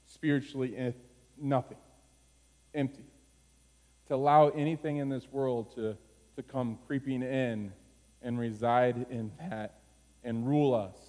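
A man preaching a sermon, moving from low, quiet phrases to high, urgent pleading. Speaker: pastor. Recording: long hall reverb.

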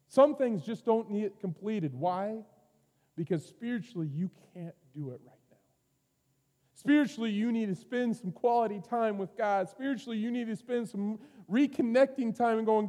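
A man preaching a sermon as pastor, earnest, moving from loud urging to quiet, intimate passages. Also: high-pitched. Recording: long reverb of a hall.

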